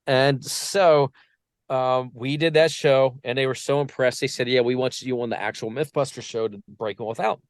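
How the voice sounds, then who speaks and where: Smooth and medium-pitched, this man talks at a moderate pace in clean studio sound with no room noise. He's a vocal coach from Portsmouth, telling stories as a podcast guest in a relaxed interview. He brings his anecdotes to life by performing the voices of those he quotes.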